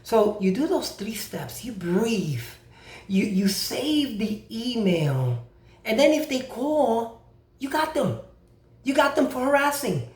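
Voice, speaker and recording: A man giving a casual how-to talk as a credit repair advisor, animated and repeating key points, acting out both sides of phone calls. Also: extremely high pitch, takes it slowly. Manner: repeats himself for emphasis. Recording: roomy echo.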